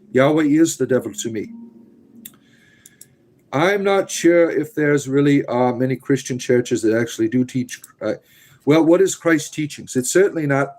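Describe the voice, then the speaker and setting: A man's voice: medium pitch, darkish tone, low-quality recording. Preachy man with a theatrical accent. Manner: frequent "uh" fillers, emphatic preaching. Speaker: livestream host answering chat. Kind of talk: casual live chat.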